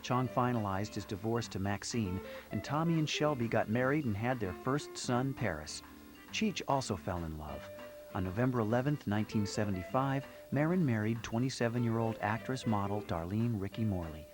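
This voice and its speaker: A man reading scripted documentary narration in a measured, storytelling way. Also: on the low side, lively intonation. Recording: narration over loud music.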